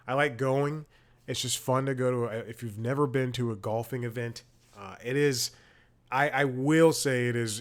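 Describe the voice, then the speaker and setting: A man chats casually as the host of a comedy podcast, with a voice of ordinary middle pitch. He wanders through a personal story and often stops to correct himself. The delivery is loose and conversational. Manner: rambling anecdotes with frequent self-corrections.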